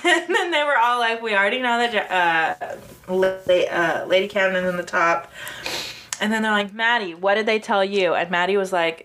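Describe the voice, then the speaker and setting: A woman casually chatting as podcast co-host, telling a story with lively acted-out quotes, frequent laughter and swearing. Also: mid-range voice. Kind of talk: casual chat recapping a TV episode.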